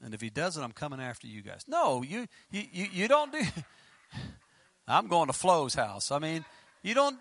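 Male pastor, bright forceful tone, close dry mic, animated sermon delivery. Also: moderate pace, no room sound. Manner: animated, laughing, acts out quotes with pitch leaps.

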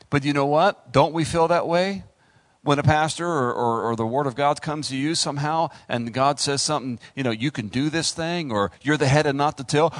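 A middle-aged male pastor preaching a sermon, animated, acting out voices and talking straight to the congregation. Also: fairly high pitch, moderate pace, no room sound, studio quality.

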